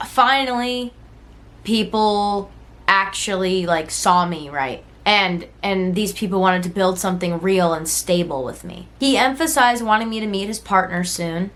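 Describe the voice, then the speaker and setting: A woman's voice: mid-range voice, measured pace, fairly bright tone. A woman in her twenties telling a personal story to camera in a casual, rambling way, full of "like" and "right?" tags. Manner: rambling, heavy use of "like" and "right?"; earnest, candid.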